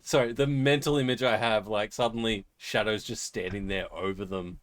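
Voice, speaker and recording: A man's voice: on the low side, steady tone, normal speed. A man running a tabletop game as game master, voicing the characters with a giggly, playful manner. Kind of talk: tabletop role-play, voicing children.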